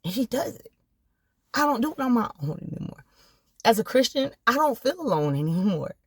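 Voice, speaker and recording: A woman's voice: on the high side, big pitch swings, fairly quick, breathy edge. A woman speaks straight to the listener from inside her car. Her testimony is heartfelt and direct, and it leans into preacherly encouragement. The sound is close and dry, with no room echo. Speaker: vlogger sharing personal testimony. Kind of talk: earnest personal testimony.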